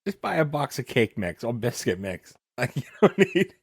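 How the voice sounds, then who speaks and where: Give me a man with a very lively, up-and-down voice cracking jokes in a casual chat. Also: medium pitch, moderate pace, creaky, husky. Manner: joking interjections.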